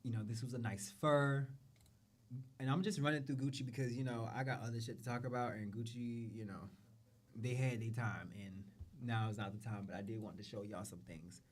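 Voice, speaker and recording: A man's voice: mid-range voice, steady tone, fairly quick. A man hosting a show, talking casually and profanely about runway looks, repeating phrases and trailing off. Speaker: show host. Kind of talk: casual fashion commentary.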